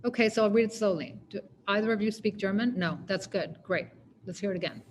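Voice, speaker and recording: A woman's voice: mid-range voice, fairly quick. Woman poet reading her stuff, wry conversational telling, faint ambient noise behind. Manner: wry, conversational narration with quoted voices. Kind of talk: poetry reading.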